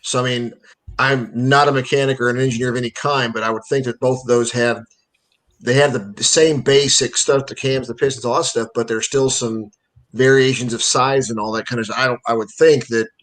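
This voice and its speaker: Male guest, curious and hesitant, mid-pitched voice. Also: fairly even intonation, brisk, a bit bright. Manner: curious, asks questions hesitantly. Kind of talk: casual chat.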